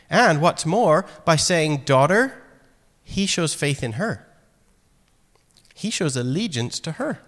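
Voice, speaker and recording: A man preaching a sermon in a casual, animated way, acting out quoted lines. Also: a little high, slow. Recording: long hall reverb.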